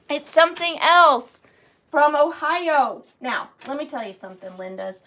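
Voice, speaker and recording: A woman's voice: sits high, lively intonation, moderate pace, sharp tone, a little hiss or hum. A woman running a live vintage auction, chatting playfully and counting down bids. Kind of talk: casual live sale chat.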